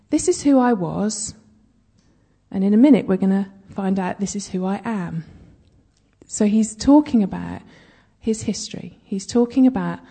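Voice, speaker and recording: A woman's voice: medium pitch, dark tone, breathy edge. A woman giving conversational Bible teaching, chatty, with humorous asides and frequent check-ins with her listeners.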